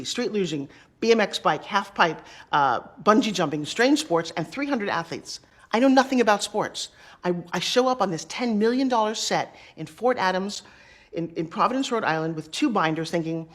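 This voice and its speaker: A woman appearing as an interview guest tells stories in an animated, lively way, at a medium pitch. She acts out quoted dialogue and throws in quick asides.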